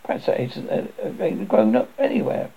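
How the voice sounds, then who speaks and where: A man reading a self-assured, offhand schoolboy, keeping him lightly boyish. His voice is dark and husky with a gravelly edge. The recording is muffled and lo-fi. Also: a little high, wildly swooping pitch, moderate pace, heavily acted. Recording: dull lo-fi recording.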